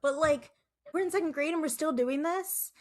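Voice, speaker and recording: A woman's voice: sits high, normal speed. A woman in her thirties co-hosting a casual chat podcast, telling stories in a chatty, exasperated way. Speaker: podcast co-host.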